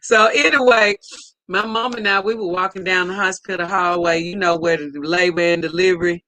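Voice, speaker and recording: A woman's voice: fairly low pitch, steady tone, normal speed, sharp tone. A middle-aged woman, animatedly telling a story in casual chat with playful teasing. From United States. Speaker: co-host.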